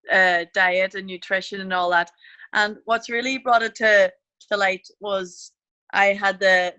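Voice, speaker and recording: A woman speaks as a guest in a casual interview, answering in relaxed, short, searching phrases. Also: mid-range voice.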